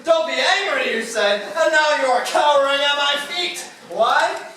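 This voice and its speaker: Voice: high-pitched, lively intonation, a little slow, bright, forceful tone, full character voice. A student actor playing a pompous, gloating male town mayor in a school stage play, declaiming with bursts of laughter. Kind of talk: amateur school stage acting. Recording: echoey hall from far off, noisy.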